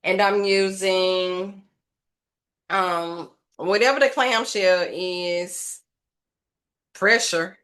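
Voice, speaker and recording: A woman's voice: mid-range voice, fairly even intonation, drawn-out words, long pauses, fairly bright tone. A woman casually narrating a craft tutorial, thinking aloud and rambling to her viewers as she works. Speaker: craft vlogger.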